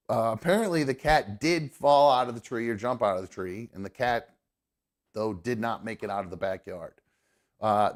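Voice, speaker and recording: Profane, animated young man telling a story. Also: medium pitch. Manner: animated, profane, acts out quotes in a raised voice. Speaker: podcast host. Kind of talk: casual storytelling.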